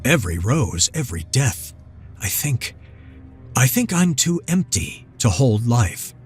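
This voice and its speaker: A man voicing a centuries-old vampire lord, weak, bitter and halting. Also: medium pitch, sing-song, breathy edge, faint music behind, exaggerated voice. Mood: weary.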